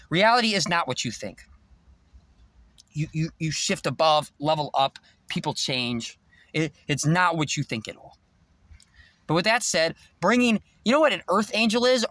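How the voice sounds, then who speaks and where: A man's voice: fairly high pitch, fairly bright tone, no echo. A man vlogging in a rambling, preachy spiritual monologue, intense and swearing freely.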